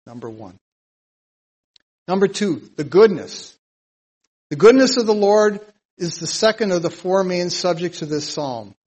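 A man teaching a psalm verse by verse in a sermon, earnest and plain-spoken, getting louder whenever he reads scripture aloud. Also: high voice, rough recording. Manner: emphatic, louder when reading scripture aloud. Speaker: Bible teacher.

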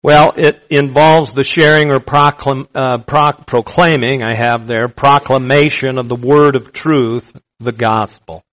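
A male pastor preaching a sermon, emphatic and slow, repeating his key phrases for weight. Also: fairly high pitch, fairly bright tone, rough recording.

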